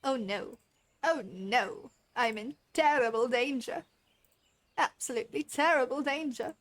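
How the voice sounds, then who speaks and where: Her voice sits high and her delivery is unhurried as this woman streams a game. She talks casually to her chat while playing, often laughing and teasing herself.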